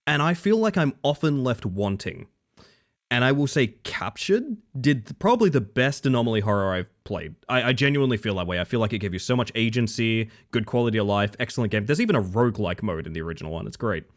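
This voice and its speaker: A man's voice: fairly low pitch, fast. A man streaming a horror game live, commenting casually, swearing freely and talking to his chat. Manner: animated, swears freely, chats with viewers.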